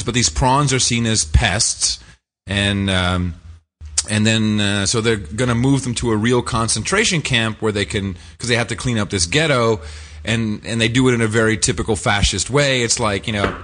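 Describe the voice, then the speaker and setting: A man's voice: lowish voice, normal speed, fairly bright tone. A man co-hosting a casual podcast, rambling through a film recap with fillers, restarts and laughs. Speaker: podcast co-host. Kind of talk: casual chat.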